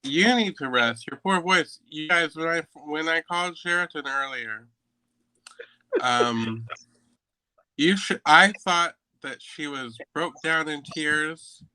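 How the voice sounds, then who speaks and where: Brief: playful man co-host, bright, forceful tone, dry close sound. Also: a little high, slow, clean tone, no room sound, poor audio. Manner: playful, animated teasing. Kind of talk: casual chat.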